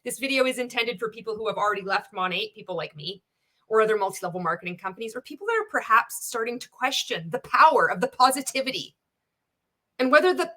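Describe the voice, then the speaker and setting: A woman's voice: a little high, big pitch swings, fast talker, pushed and bright. A woman giving casual reaction commentary as a vlogger, blunt and sarcastic, swearing often and laughing between remarks.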